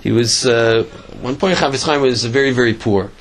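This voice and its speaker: A man teaching a religious lesson by telling a story, halting often, repeating words and restarting his sentences. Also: medium pitch, a little hiss or hum.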